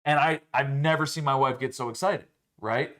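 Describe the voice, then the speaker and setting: A man's voice: medium pitch, normal speed, fairly bright tone. A young man co-hosting a podcast, telling rambling, profane stories in casual chat and leaning on filler words.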